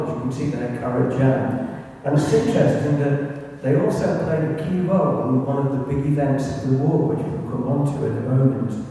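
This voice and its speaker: A man's voice: mid-range voice, warm tone. A man from England giving an illustrated local history talk, chatty and anecdotal, with asides to his audience. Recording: echoey hall recording from far off.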